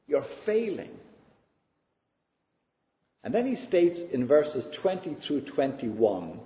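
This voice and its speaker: A man's voice: a little high, slow. A man preaching an expository sermon in an earnest, teaching manner. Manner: earnest, teaching, lively rise and fall. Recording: echoey hall, tinny lo-fi sound.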